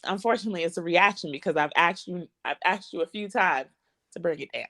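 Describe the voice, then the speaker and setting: A woman in her thirties co-hosting a podcast, blunt and animated in casual chat, acting out arguments. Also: on the low side, fast talker, no echo. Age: 30s. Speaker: podcast co-host.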